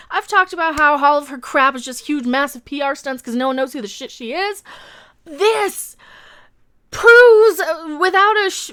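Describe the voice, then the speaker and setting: A young woman YouTube commentator ranting sarcastically to camera, loud and full of swearing and laughter. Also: high-pitched.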